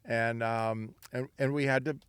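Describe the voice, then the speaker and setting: Speaking at a measured pace in a steady, mid-range voice that is a bit bright, clear and resonant, this older Southern Californian winery founder rambles through anecdotes during an interview. He acts out quoted voices along the way. The recording is dry.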